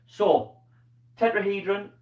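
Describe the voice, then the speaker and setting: A man's voice: high voice, slow pace. A man with a Scottish accent teaching a live online maths lesson, explaining patiently step by step and checking in with "okay?". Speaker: primary school teacher. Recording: dull, roomy sound from a distance.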